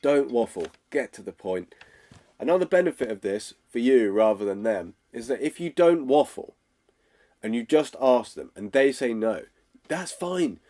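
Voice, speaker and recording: A man's voice: mid-range voice, lively intonation, moderate pace, mellow. A man, teaching sales in a direct, casual way and often checking in with "okay?". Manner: direct, acts out phone calls, checks in with "okay?". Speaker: sales coach.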